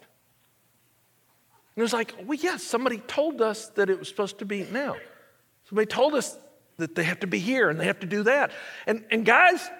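Husky, high-voiced male pastor, sermon delivery, long church reverb. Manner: animated storytelling, acting out dialogue. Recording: echoey church hall.

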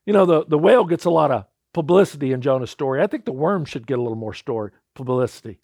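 A man preaching a sermon in a conversational way, retelling a story with lively voiced quotes. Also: fairly high pitch, fast, no echo, studio quality. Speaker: pastor.

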